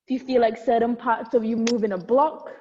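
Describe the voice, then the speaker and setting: Counting reps and cueing moves, a young woman leads an at-home barre workout in a fairly quick, steady, highish voice, encouraging and laughing lightly while sometimes getting winded. Captured on wireless earbuds, the audio has a little hiss or hum and sounds dull and lo-fi, with a long reverb tail.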